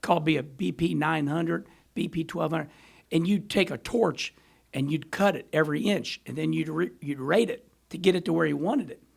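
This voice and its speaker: Middle-aged male guest, high gravelly voice, animated storyteller. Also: moderate pace. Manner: animated, rambling storyteller who laughs often. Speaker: podcast guest, former racer. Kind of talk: storytelling in casual chat.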